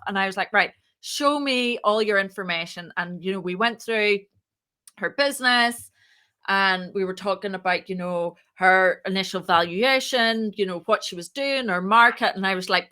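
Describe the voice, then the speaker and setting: A woman, a startup founder, telling her story as a podcast guest, lively and acting out the voices in her anecdotes. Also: mid-range voice. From moved to Ireland. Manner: lively, acts out quoted dialogue. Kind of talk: casual interview storytelling.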